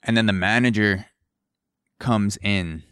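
Low, smooth-voiced man rambling on a podcast. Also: slow, a bit bright, dry recording, clean studio sound. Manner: rambling, profane, with comic tangents. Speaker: podcast host. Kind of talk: casual solo podcast commentary.

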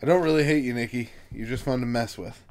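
A man's voice: medium pitch, fast talker. A man co-hosting a casual podcast, reading a listener's comment aloud with dry, joking asides. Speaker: podcast co-host. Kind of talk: casual chat.

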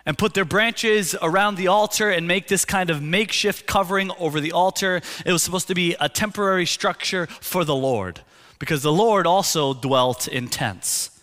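A male pastor preaching a sermon, telling the scene vividly and dropping to a hushed, intense tone for key points. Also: sits high, normal speed. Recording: long hall reverb.

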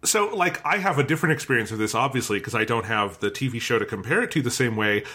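Male co-host, bright mid-pitched voice, loose and chatty review banter. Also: quick pace. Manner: animated, chatty, swears freely. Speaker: podcast co-host. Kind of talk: casual film review chat.

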